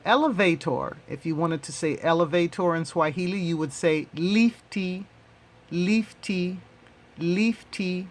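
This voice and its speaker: A man hosting and teaching a language lesson, repeating each word three times in a deliberate way. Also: a little high. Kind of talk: slow, repetitive language lesson.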